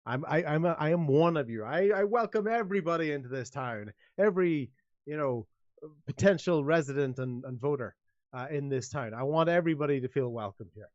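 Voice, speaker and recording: A man voicing a flustered small-town male mayor who speaks in halting, official, placating phrases. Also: on the high side, lively intonation, a little mellow, dry recording, muffled recording, close to an everyday voice.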